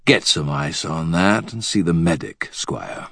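This is a man doing a menacing villain with a roughened voice, courteous and bland on the surface. The tone sits low and deep. It is recorded dry and close. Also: expressive, unhurried, a bit bright, dry recording, exaggerated voice. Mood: cool. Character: polite, menacing male villain.

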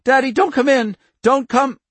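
A man reading an audiobook, voicing a frightened little girl with fiery powers who shouts shrilly. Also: very high-pitched, moderate pace, dry recording, voice pushed up.

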